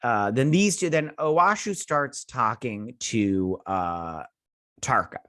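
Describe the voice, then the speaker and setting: A man hosting a casual episode recap, rambling with lots of fillers and quick paraphrased lines from characters, close on a desk mic. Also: medium pitch, lively intonation, pushed and bright, dry recording. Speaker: show host.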